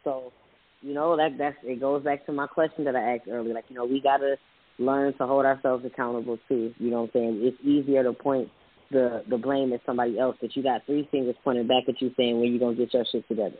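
A man's voice: mid-range voice, steady tone, breathy edge. Reflective man on a tinny phone line. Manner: reflective, reads quotes aloud, bursts of quick talk. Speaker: podcast co-host. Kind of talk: casual chat with read-out quotes. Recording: tinny phone-like dry sound.

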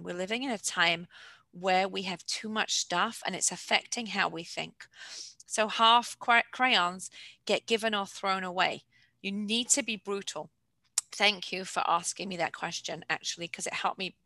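A middle-aged woman gives brisk, practical organizing advice on an online class. Her voice is bright and forward, and the sound is close and dry with no room around it. She clears her throat now and then. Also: mid-range voice, no echo, low-quality recording. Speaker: organizing coach giving a talk. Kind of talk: informal online lecture with questions.

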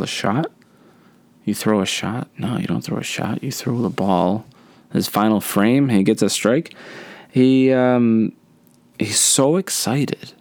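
A man's voice: lowish voice, a little mellow, dry recording. A man in his thirties hosting a solo podcast, chatting in a rambling, easygoing way with many fillers. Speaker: podcast host. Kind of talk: casual solo podcast chat.

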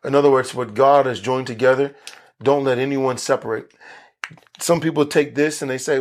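A man with a medium-pitched voice speaks at normal speed with fairly even intonation. He's a pastor teaching a Bible study recorded for video, preaching earnestly and emphatically and repeating key phrases for stress.

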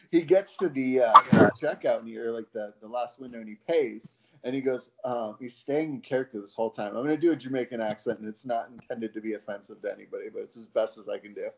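A man co-hosting a podcast, telling a story casually in an animated, laughing, profane way. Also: mid-range voice, fast, vocal fry, low-quality recording. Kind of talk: casual chat.

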